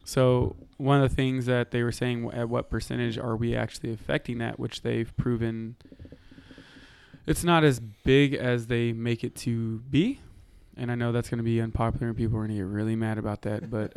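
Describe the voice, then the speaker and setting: A man co-hosting a casual podcast, chatting in a relaxed way and hedging his points. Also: mid-range voice, moderate pace, creaky, clean tone. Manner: relaxed, hedging, talks over others. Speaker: podcast co-host. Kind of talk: casual chat. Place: podcast studio.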